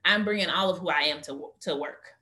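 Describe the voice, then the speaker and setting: A woman with a low-pitched but bright, forceful voice, talking as a guest in a podcast interview. She tells her stories with animation and acts out the lines of people in them. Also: a little fast. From United States. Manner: animated storyteller, acts out quotes. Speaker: guest, career coach. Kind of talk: conversational interview.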